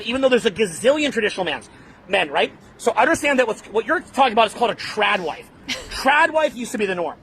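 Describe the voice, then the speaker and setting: Brash high-voiced male dating coach. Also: sing-song, quick pace, a bit bright, slight background noise. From Canada. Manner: brash, blunt, addressing the audience as bro. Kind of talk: lecture-style advice talk.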